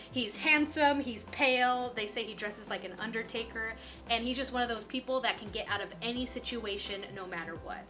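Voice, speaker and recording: Young woman vlogger, chatty and upbeat, crisp bright tone, soft music under her. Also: on the high side. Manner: chatty and bubbly, peppered with "like". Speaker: lifestyle vlogger. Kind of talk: casual chat.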